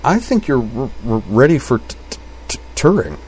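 A deadpan young woman with a heavy stutter, voiced by a male narrator in a read-aloud story. She speaks softly, catching on her consonants. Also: rumbling low, normal speed, slight background noise, voice pushed up, rough recording.

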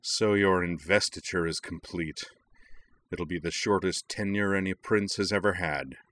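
A man's voice: deep voice, moderate pace, a bit bright. A man voicing a hateful male villain who sneers and then begs weakly for help. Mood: sneering. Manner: snarling then pleading weakly. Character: dying villainous male false prince, hateful.

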